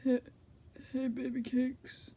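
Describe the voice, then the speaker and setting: A woman voicing a lazy, flirty male skeleton with a gruff voice in a comedic fanfic reading. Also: high voice, completely flat delivery, mellow, exaggerated voice. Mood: lazy flirting. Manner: slow lazy drawl.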